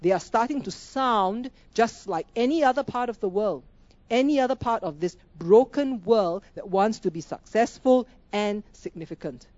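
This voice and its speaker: A woman's voice: medium pitch, animated, normal speed, darkish tone, dry recording, lo-fi sound. A woman preaching a sermon, emphatic, asking rhetorical questions and repeating key phrases.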